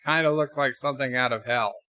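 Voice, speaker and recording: A man's voice: mid-range voice, fast, sharp tone, no room sound, clean studio sound. A man casually commenting on a film while reading viewer chat aloud, with wry, sarcastic asides and frequent fillers. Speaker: streamer watching a film with chat.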